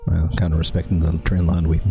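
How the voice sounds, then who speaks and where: A man's voice: a bass voice, fast talker, faint music behind. A man from the American South with a Southern accent, hosting a late-night crypto livestream. He is tired and cranky, and he rambles, jokes and swears as he rants. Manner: rambling, joking, animated and swearing. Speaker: crypto stream host.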